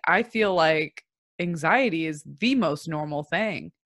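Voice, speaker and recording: A woman's voice: medium pitch, fairly bright tone, no room sound, studio quality. A young woman hosting her own podcast, talking candidly and emphatically, swearing freely as she shares her experiences from home. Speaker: podcast host and coach. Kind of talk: casual solo podcast talk.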